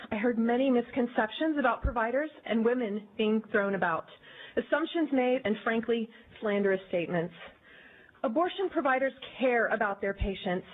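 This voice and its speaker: A woman speaking in an earnest, measured way as she gives prepared testimony before a legislative committee. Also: a little high. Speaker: advocacy group director testifying. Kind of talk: formal public testimony. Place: legislative committee hearing room. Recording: tinny, phone-like archive audio.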